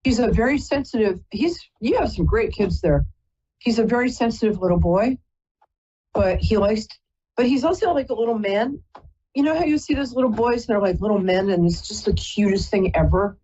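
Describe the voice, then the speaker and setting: A woman's voice: medium pitch, animated, moderate pace, warm tone, husky, highs cut off. A woman hosting a live call-in psychic reading, chatty and rambling, often stopping to apologize. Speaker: psychic reader and host.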